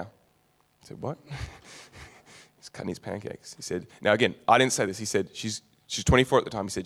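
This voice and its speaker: A man's voice: fairly low pitch, brisk. A young man preaching a sermon, telling stories with humorous asides. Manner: storytelling, animated, with humorous asides.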